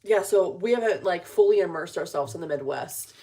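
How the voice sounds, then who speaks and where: A woman's voice: lowish voice, animated, warm tone. A young woman from California co-hosting a casual livestream, bubbly and chatty as she reads the chat. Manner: bubbly, chatty, quick to laugh. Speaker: co-host reading the chat.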